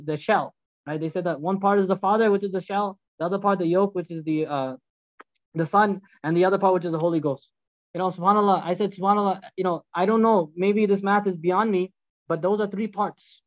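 A man giving a storytelling sermon as a religious teacher, animated and acting out the dialogues. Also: high voice, no room sound, muffled recording.

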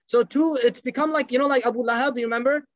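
A man with a high voice tells a religious story at a quick clip, acting out each quoted line. The recording is dull and lo-fi, with a dry, close sound and no room echo. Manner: animated storyteller, acts out quoted speech. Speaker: religious teacher. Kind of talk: storytelling lecture.

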